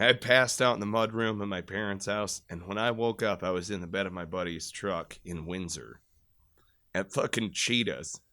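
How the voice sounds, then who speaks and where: A man in his thirties from Michigan, a podcast guest telling crude, loud, profane stories in a casual chat and bursting into shouted re-enactments. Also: deep voice, normal speed, dry recording. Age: 30s.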